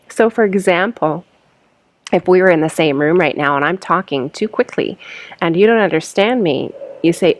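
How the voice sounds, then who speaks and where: A woman with a deep voice teaches an English lesson, slowly reading example sentences for learners to repeat and then explaining them. There's no room sound.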